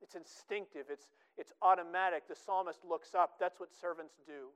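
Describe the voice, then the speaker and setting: A man's voice: sits high, steady tone, moderate pace, fairly bright tone, clean tone, poor audio. A man preaching a sermon in an earnest way, often repeating words for emphasis.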